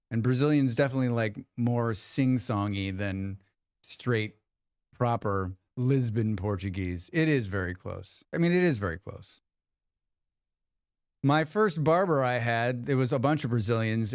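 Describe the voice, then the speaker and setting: A man's voice: mid-range voice, dry recording, clean studio sound. A man hosting a livestream, chatting casually with viewers in a rambling, joking way with lots of restarts. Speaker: livestream host. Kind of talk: casual chat reading viewer comments.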